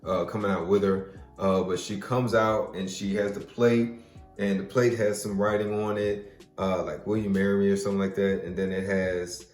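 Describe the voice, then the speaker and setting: A man's voice: sits low, moderate pace. A man casually telling a personal story as a podcast host, rambling with lots of fillers. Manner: relaxed, rambling, many fillers. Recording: roomy echo, faint music.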